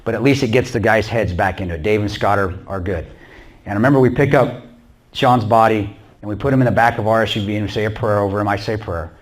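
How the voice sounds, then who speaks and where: A man's voice: fairly low pitch, fast talker. A man telling a combat story to a church audience in a blunt, plain-spoken way. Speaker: guest speaker recounting combat. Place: small church.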